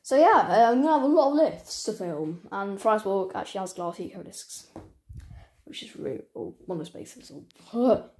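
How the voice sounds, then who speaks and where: A woman chatting casually to her channel's viewers, rambling and halting with many restarts. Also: medium pitch, lively intonation, darkish tone. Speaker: channel owner. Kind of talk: casual vlog chat.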